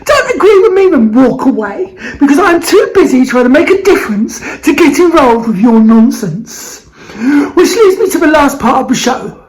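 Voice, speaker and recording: A woman's voice: sits high, big pitch swings, moderate pace, darkish tone, low-quality recording. A British woman hosting a vlog, ranting angrily and swearing, her voice cracking between laughter and tears. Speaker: vlog host. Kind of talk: angry ranting monologue.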